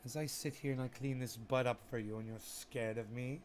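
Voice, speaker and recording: A man hosting a casual livestream, using an affected, proper English-sounding persona. He talks in a theatrical, self-mocking way, narrating his own work and chiding a quiet chat with drawn-out repetitions. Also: mid-range voice, steady tone, a little hiss or hum. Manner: drawn-out repetitions and mock indignation. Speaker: livestream host.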